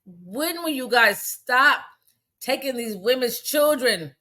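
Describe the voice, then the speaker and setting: A woman's voice: high-pitched, lively intonation, slow, pushed and bright. A woman delivering an angry, profane rant on a livestream, firing off rhetorical questions. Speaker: commentator. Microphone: phone.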